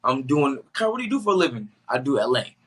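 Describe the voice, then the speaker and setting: A young man from the Boston area, a guest on a podcast, telling his story in a casual, animated way, acting out the people he quotes and mixing in slang. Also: medium pitch, fast, breathy edge. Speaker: guest, actor.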